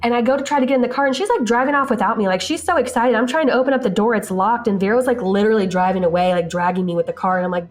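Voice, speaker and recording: A woman's voice: a little high, rapid-fire, hardly any pauses. A woman casually telling a story, acting out the dialogue and saying "like" a lot. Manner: animated, acts out quoted dialogue, frequent "like". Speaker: interviewee recounting events.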